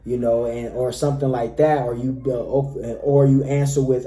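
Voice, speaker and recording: A man's voice: mid-range voice, little pitch movement, normal speed, mellow, echoey room. A man giving dating advice to men, emphatic, addressing his listeners again and again as fellas. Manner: emphatic, repeatedly says "all right, fellas". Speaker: dating coach. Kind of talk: direct-to-camera advice talk.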